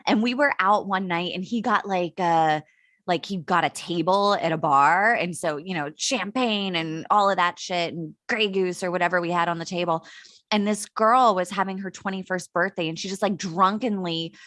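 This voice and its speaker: A woman's voice: on the low side, normal speed, a bit bright, no room sound, clean studio sound. A woman co-hosting a podcast in a casual chat, a chatty storyteller who laughs easily. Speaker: podcast co-host.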